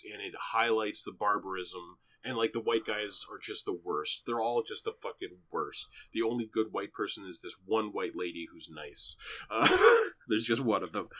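A man in a casual chat, excitedly and profanely retelling the opening of a film. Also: on the low side. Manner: animated, excitable, profane storytelling.

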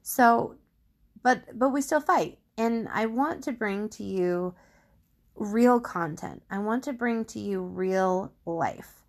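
Slow, gravelly-voiced woman podcast host. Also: mid-range voice. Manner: candid, reflective storytelling with frequent restarts. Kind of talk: personal faith podcast talk. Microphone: studio microphone.

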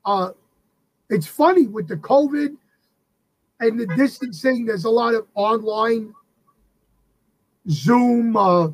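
A man in his fifties, a guest entertainer, telling animated anecdotes in a casual interview with frequent restarts. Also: very high voice, takes it slowly, long pauses, no room sound, rough recording. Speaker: guest entertainer and tribute performer of a famous singer.

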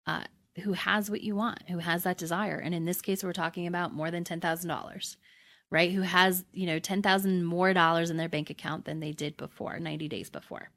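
A woman in middle age hosts her own podcast, teaching in an easygoing, unscripted way. Her voice sits slightly low for a woman. She keeps checking in with "right?" and often circles back to restart a sentence. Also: fairly even intonation, brisk, fairly bright tone. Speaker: podcast host and manifesting coach. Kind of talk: casual teaching monologue.

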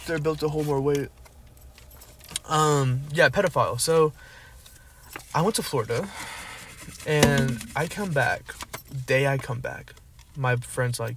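A man's voice: mid-range voice, takes it slowly, long pauses, background noise. A young man co-hosting a casual podcast, telling a rambling story full of likes and rights, recorded in a car. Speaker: podcast co-host.

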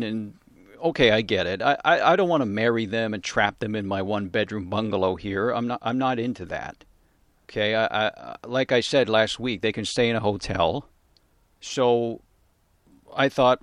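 An older man hosting a comedy podcast, talking in a rambling, halting monologue full of fillers and restarts. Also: lowish voice, lively intonation, dry recording, clean studio sound. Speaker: podcast host.

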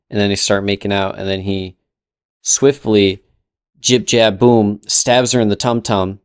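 A man's voice: on the low side, level tone, a little slow, clean tone, dry recording, clean studio sound. A young man co-hosting a podcast, recapping a show in a casual, rambling way with lots of fillers and sarcastic quoted asides. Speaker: podcast co-host.

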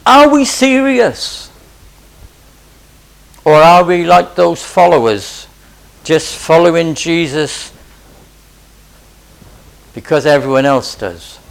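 Slow, gravelly high-voiced male preacher. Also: lively intonation. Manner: impassioned, repeated urgent pleas and rhetorical questions. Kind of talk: sermon.

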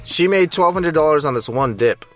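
A man's voice: fairly high pitch, lively intonation, moderate pace, a bit bright, soft background music. A man co-hosting a casual podcast with friends, joking around and sometimes putting on a mock ad-read voice. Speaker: podcast co-host. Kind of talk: casual chat among friends.

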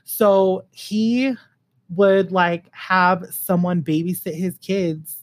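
A man in his late twenties telling a personal story in a casual, animated way, swearing freely and acting out the other people's lines. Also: high-pitched, very slow. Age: late 20s. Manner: animated, profane, acts out quoted voices.

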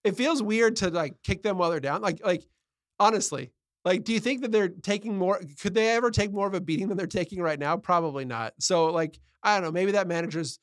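High-voiced man, chatty podcast co-host. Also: fairly quick, no echo, studio quality. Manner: chatty, laughs often, jumps in with reactions. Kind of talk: casual chat.

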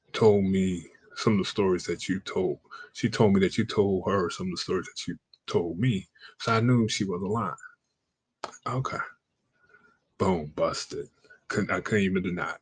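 A man's voice: sits low, a little mellow, husky, no echo. A man telling a personal story in a casual, slangy way, acting out the lines of the people in it. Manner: acts out quoted dialogue in a raised voice; slangy, conversational.

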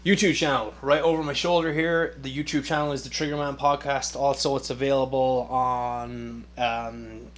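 A man's voice: mid-range voice, little pitch movement, normal speed, few pauses, a bit bright. A man hosting a podcast in a casual solo rant, sarcastic and profane, rambling with lots of fillers. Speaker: podcast host.

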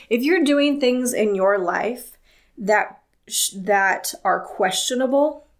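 A woman's voice: fairly high pitch, slow. A woman hosting her own podcast, speaking in a candid solo monologue with an earnest, impassioned, plain-spoken manner. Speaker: podcast host.

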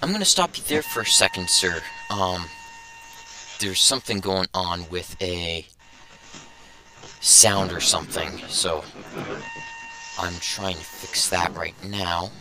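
A man's voice: deep voice, wildly swooping pitch, slow, pauses often, a crowd in the background, poor audio. A young man hosting a casual podcast, rambling and thinking aloud as he goes. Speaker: podcast host.

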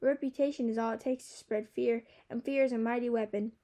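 A woman's voice: a little high, steady tone, fast, warm tone, lightly acted. A woman reading the lines of a grim, blunt young brother in a firm way.

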